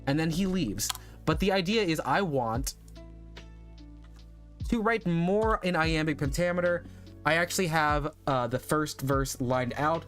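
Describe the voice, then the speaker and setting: A man with a voice a touch higher than most talks through a livestream in a loose, rambling way, thinking aloud as he goes. Soft music plays faintly underneath. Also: normal speed. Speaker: streamer. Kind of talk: casual livestream chat.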